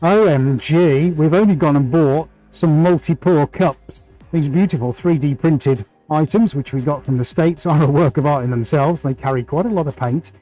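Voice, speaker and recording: A man's voice: a little high, moderate pace, dark tone, soft background music, rough recording. A man hosting a live painting stream, chatting enthusiastically and playfully as he greets viewers. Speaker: livestream host and painter.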